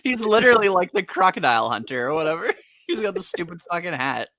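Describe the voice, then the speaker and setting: A young man co-hosting a casual comic chat, rambling and sarcastic as he retells the plot with quick acted asides. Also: high voice, big pitch swings, sharp tone, no echo. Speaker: podcast co-host.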